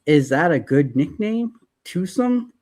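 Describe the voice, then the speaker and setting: A man's voice: on the high side, sing-song, slow pace, darkish tone. Jokey podcast host man. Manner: jokey, hands off turns. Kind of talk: casual chat, reading a comic summary.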